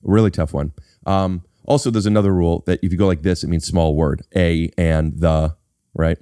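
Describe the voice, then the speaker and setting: A man's voice: sits low, steady tone, moderate pace, dark tone, no room sound. A man hosting a podcast, explaining things in a playful, mock-serious way into a studio mic. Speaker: podcast host and actor. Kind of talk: casual podcast chat.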